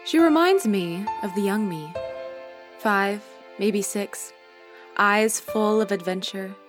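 A woman reading a first-person short story aloud in a gentle, expressive way, voicing an adult narrator. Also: medium pitch, slow pace, music in the background. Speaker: story reader.

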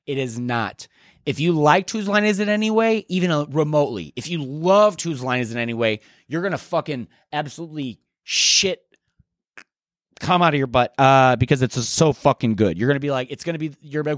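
A young man hosting a solo podcast, chatting in a rambling, profane, excitable way. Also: on the high side, a little fast, no echo, studio quality. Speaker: podcast host. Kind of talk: casual solo podcast chat.

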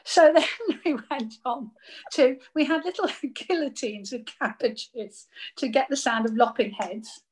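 An older woman, a radio actress, telling lively anecdotes in casual chat and laughing often. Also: high-pitched, unhurried, husky.

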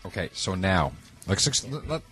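A man's voice: deep voice, big pitch swings, moderate pace, a bit bright, soft background music. A man co-hosting a radio show, joking around and often restarting his sentences. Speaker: radio co-host. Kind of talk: casual radio banter.

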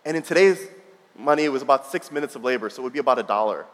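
A man's voice: medium pitch, animated, racing. A man in his thirties preaching a sermon, telling a personal story in a conversational way with frequent restarts. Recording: long reverb of a large hall.

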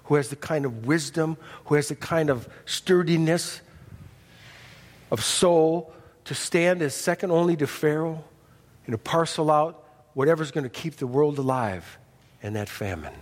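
A man preaching a sermon as pastor, folksy and animated, dropping from loud emphasis to hushed intensity. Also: fairly high pitch, a little slow, long reverb tail. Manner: folksy, humorous asides.

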